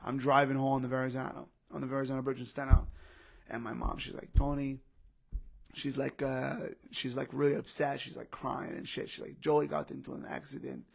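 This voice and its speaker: A young comedian on a podcast speaks in a gravelly, medium-pitched voice, flat and a little fast. He tells an emotional personal story casually, repeating himself and leaning on "bro" and "literally".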